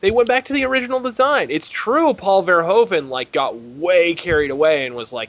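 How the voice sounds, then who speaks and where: A man co-hosting a podcast, animated and quick to laugh. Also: high voice, dull audio. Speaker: podcast co-host. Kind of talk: casual podcast banter.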